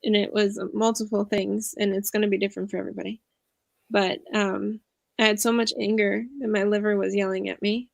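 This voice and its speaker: A woman's voice: medium pitch, little pitch movement, a little fast, creaky, no room sound. A woman in her thirties, an empowerment coach talking as a guest in a casual interview over a video call, earnest and reflective, sharing her experience in a confiding way.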